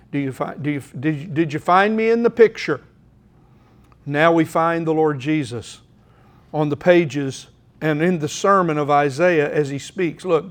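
A middle-aged man preaching a sermon in a church room, earnest and exhorting, reading scripture aloud. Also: a little high.

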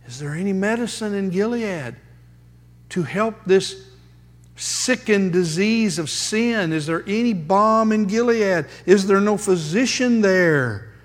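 Male pastor, high voice, slow and emphatic delivery, long hall reverb behind him. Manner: emphatic preaching with dramatic pauses and rhetorical questions. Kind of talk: sermon.

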